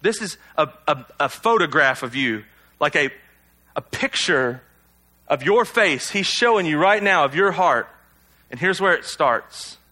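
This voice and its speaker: A man's voice: a little high, animated, measured pace, sharp tone. A male pastor giving a sermon in a conversational, self-deprecating way, full of rhetorical questions to the congregation.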